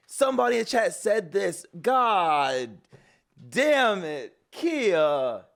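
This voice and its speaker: A man streaming live, reacting loudly to a story with shouts, swearing and repeated words. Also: very high voice, big pitch swings, extremely slow, gravelly.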